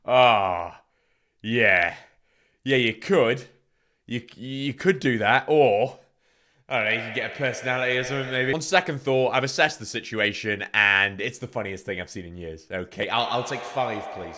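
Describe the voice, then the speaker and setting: A man's voice: medium pitch, normal speed, pushed and bright. A man hosting a reaction video, mocking the clips with sarcastic jokes. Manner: sarcastic, mocking, laughs often. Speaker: host. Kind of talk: reaction commentary.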